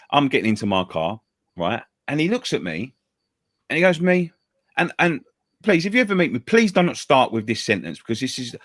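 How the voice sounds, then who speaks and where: A man telling a story in casual show chat, animated, stammering and repeating words, swearing freely and acting out others' lines. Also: lowish voice, dry recording, clean studio sound. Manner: acts out other people's lines in a raised voice. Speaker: show co-host.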